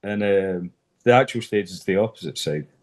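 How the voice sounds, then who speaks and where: A man co-hosting a podcast, telling relaxed anecdotes in casual chat. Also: sits low, moderate pace. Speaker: podcast co-host.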